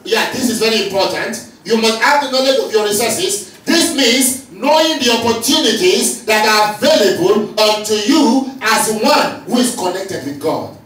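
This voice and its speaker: A man's voice: high voice, lively intonation, moderate pace, few pauses, a bit bright. A male pastor preaching a sermon, calling out lines and repeating them for the congregation to answer. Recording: echoey hall from far off, faint noise.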